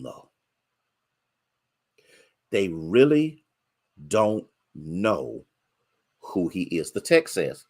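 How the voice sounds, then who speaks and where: A man preaching a sermon as pastor, moving from rising, drawn-out exhortations to low, quick storytelling and greeting members of the congregation by name. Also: big pitch swings. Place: church sanctuary.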